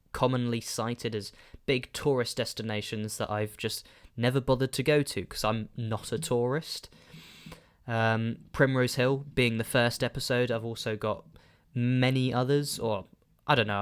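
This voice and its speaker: A man's voice: medium pitch, clear, resonant tone. A young man hosting a podcast on his own, chatting casually and rambling, often trailing off mid-thought in a self-deprecating way. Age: young adult. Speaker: solo podcast host. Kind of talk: casual solo podcast chat.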